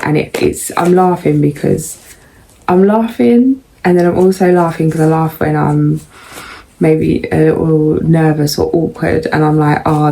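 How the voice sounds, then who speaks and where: A woman doing a casual tarot reading, musing and unhurried, with frequent pauses and ums. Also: low voice, gravelly, dark tone, a little hiss or hum, poor audio. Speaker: tarot reader.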